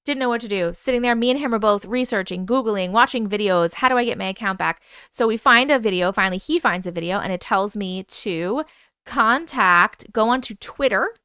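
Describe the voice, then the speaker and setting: Bright-voiced woman telling a story. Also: mid-range voice, a little fast, clean tone, no echo, studio quality. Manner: animated, profane, acts out quoted voices. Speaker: host. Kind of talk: casual storytelling on a livestream. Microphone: wireless clip-on mic.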